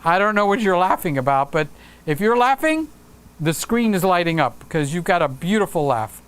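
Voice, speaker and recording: A man's voice: sits high, lively intonation, normal speed, a bit bright, a little hiss or hum. A man hosting a casual livestream, chatting upbeat and reading viewer comments aloud with frequent fillers. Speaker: livestream host.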